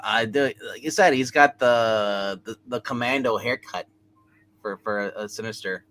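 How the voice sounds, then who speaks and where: A man giving his opinion on a casual panel, halting and repeating words as he thinks. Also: lowish voice, fairly bright tone. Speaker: panel guest.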